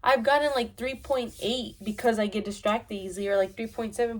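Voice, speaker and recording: A young woman with a nasal voice rambling casually to her phone camera in a chatty, tangent-filled rant. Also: on the high side. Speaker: vlogger.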